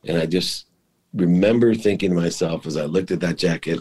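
A man's voice: low voice, normal speed, a little mellow, slightly rough. A middle-aged man, a guest in an interview, telling an emotional, confessional story about his life.

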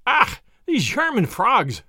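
A man voicing a booming, gruff old male professor with a foreign accent in a memoir reading. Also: wildly swooping pitch, slow, pushed and bright, no room sound, clean studio sound, exaggerated voice. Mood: exclaiming. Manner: booming, emphatic.

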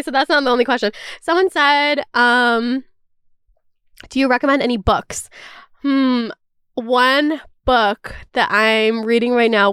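A young woman in her twenties talks in a high, smooth voice, stringing thoughts together with endless "like"s and casual swearing. Her chat is candid and open, a podcast host thinking aloud. The sound is close and dry. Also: a bit bright, no room sound. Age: 20s. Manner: rambling, fills with "like", swears freely; candid and emotional.

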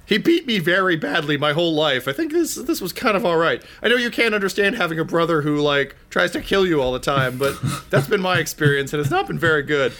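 A man voicing an excitable lowly poop smith turned lord, eager and cheerfully callous. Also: brisk, few pauses, slight background noise. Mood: chipper.

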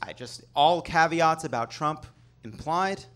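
A man's voice: fairly high pitch, unhurried, a bit bright. A man hosting a live comedy show on stage, delivering a sarcastic news monologue and swearing for emphasis. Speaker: host.

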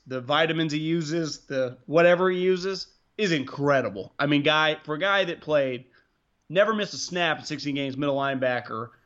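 A man chats casually about sports on a podcast in a rambling, excitable way, swearing freely. His voice sits a bit high, and the recording sounds muffled and lo-fi. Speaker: podcast co-host.

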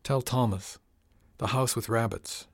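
A man voicing a weak, feverish old woman who talks in short, halting phrases in an audiobook. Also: mid-range voice, no echo. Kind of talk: audiobook character reading.

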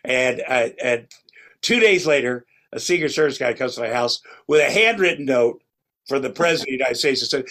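A man's voice: mid-range voice, expressive, a little fast, a bit bright. A middle-aged man, a guest on a podcast, telling long stories in a rambling, casual way and acting out what others said. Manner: rambling, restarts often, acts out quoted lines. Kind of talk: casual storytelling chat.

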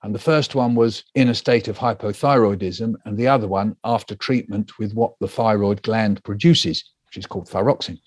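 A man's voice: fairly low pitch, moderate pace, few pauses, no room sound. Older man telling a story vividly. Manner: animated storyteller acting out quoted voices. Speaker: guest author. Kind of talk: storytelling interview answer.

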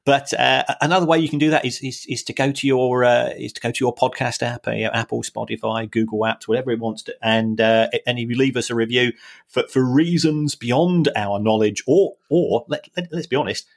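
A man's voice: medium pitch, fairly quick, gravelly. A man co-hosting a podcast in casual chat, stumbling and repeating words, with self-mocking asides. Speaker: podcast co-host.

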